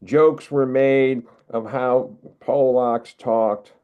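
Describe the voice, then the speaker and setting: An older man from the United States, giving a wry, measured poetry reading as a poet. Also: medium pitch, steady tone, smooth. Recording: narrow phone-like video call audio.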